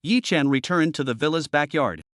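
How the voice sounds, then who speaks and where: A man's voice: on the high side, normal speed, a bit bright, no echo, studio quality. A man narrating a comic story recap in a scripted, dramatic storytelling style.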